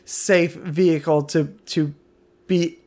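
A woman's voice: deep voice, fairly even intonation, takes it slowly, dark tone, a little hiss or hum. Wry, teasing podcast co-host woman. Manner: wry, teasing, trails off mid-sentence. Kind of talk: casual chat.

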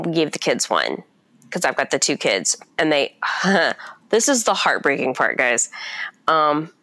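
A woman's voice: deep voice, fairly bright tone, clean tone. A woman in her thirties, a teacher, venting with lots of swearing on a casual podcast while she is sick and exhausted. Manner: profane, angry venting.

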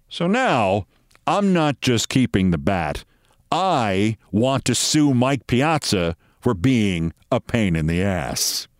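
A middle-aged man hosts a show and tells a long anecdote in a conversational monologue, recorded dry with studio quality. He acts out the people he quotes, raising his pitch for them.

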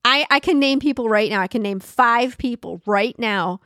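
A woman's voice: on the high side, moderate pace, fairly bright tone, no room sound, studio quality. A woman hosting a solo podcast, talking in a conversational way, repeating key phrases for emphasis and laughing often. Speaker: podcast host.

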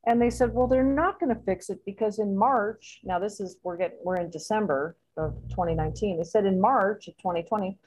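Woman guest, lively anecdote teller, laughs often, salty language. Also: medium pitch, brisk, hardly any pauses, breathy edge, low-quality recording. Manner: animated, laughing, swears freely. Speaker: interview guest. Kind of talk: casual storytelling.

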